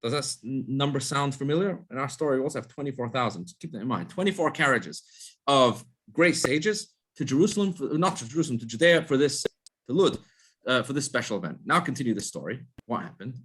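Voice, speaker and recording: A man's voice: mid-range voice, lively intonation, fairly quick, fairly bright tone, slightly rough. A man, a rabbi, giving a casual spoken class who explains step by step, asks and answers his own questions, and often restarts his words. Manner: frequent restarts and repeated words.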